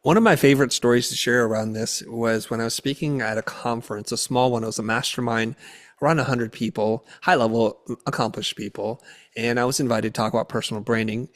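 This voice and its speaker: A man, a guest speaker, telling a story in a podcast interview and acting out the quotes in it. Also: medium pitch. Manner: animated storyteller who acts out the quotes. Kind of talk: conversational storytelling.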